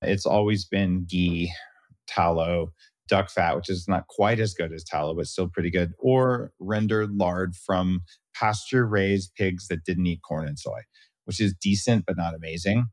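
A middle-aged male host with a low voice, recorded dry and close to the mic. He chats casually and tells animated stories, jumping up high whenever he quotes his kids. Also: unhurried, dry recording. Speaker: podcast host. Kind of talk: casual interview chat.

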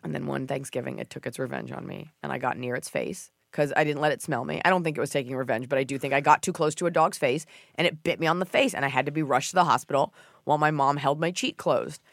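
A woman's voice: a bass voice, quick pace, gravelly, dry recording, clean studio sound. A woman hosting a podcast, chatting casually and joking, often dropping into mock voices. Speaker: podcast host. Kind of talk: comedic casual chat.

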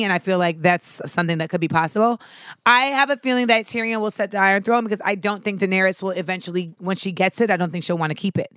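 Young woman, podcast host, casual comedic rant, profane, animated, mid pitch, dry close sound. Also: clear, resonant tone, no room sound. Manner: animated, profane, acts out scenes with shouts.

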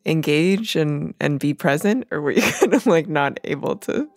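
A woman hosting a podcast, narrating in a measured way and asking casual questions. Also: deep voice, lively intonation, no echo. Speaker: host and narrator.

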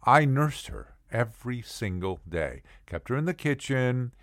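A middle-aged man telling a personal story in a casual, chatty way, with asides to the listener and animated impressions of the people in it. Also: medium pitch, measured pace, no echo, clean studio sound. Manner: animated, acts out the other people's voices. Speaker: podcast storyteller.

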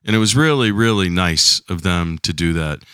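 A man's voice: sits low, animated, normal speed, a bit bright, clean tone, no room sound, clean studio sound. Chatty middle-aged man with a cough. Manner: rambling, chatty, self-deprecating. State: slight lingering cough. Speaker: podcast host. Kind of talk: casual solo podcast monologue.

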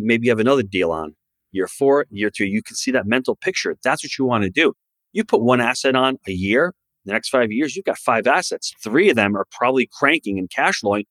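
A man's voice: mid-range voice, fairly bright tone, no room sound. A man who is a guest on a podcast, talking about real estate investing in an emphatic, promotional way. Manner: emphatic, promotional advice-giving. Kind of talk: podcast interview.

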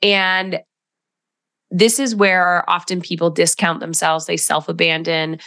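Slow, low-voiced woman coaching on a podcast. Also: flat delivery, bright, forceful tone, no room sound, studio quality. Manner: reflective, coaching tone with frequent "right?". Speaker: podcast host. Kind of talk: solo podcast monologue.

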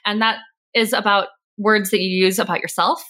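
A woman's voice: medium pitch, fairly even intonation, moderate pace, sharp tone. A woman guest on a podcast speaking earnestly and reflectively about intentions and the power of words. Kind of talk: casual interview talk.

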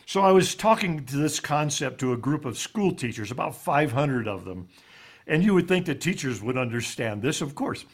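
A man's voice: medium pitch, expressive, moderate pace. A man telling a heartfelt story as a guest on a talk show, earnest and folksy, with plenty of "uh"s. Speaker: guest speaker.

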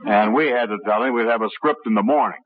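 Guy playing a laid-back radio performer, low-ish and husky, tinny old radio sound. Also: fast, a little hiss or hum, lightly acted. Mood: easygoing. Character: easygoing young male radio performer. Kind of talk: 1950s radio drama acting.

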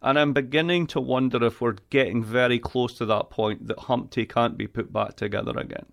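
A man talking as a professor in an interview, speaking in a reflective, measured way from a home music studio. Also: mid-range voice, fairly even intonation, gravelly, fairly bright tone. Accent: Scottish. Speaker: political economy professor, guest. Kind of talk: conversational interview.

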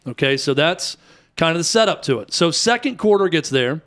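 A high-pitched man in his thirties tells a long story in a casual chat. He talks in an animated way and jumps up in pitch whenever he acts out the people in it. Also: a little fast. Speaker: youth basketball coach telling a story.

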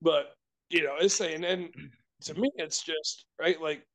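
A man with a high, light voice tells a story in loose, rambling fashion. He restarts sentences, swears casually and talks like he's among friends on a casual podcast. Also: steady tone, a little slow, fairly bright tone. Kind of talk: casual chat.

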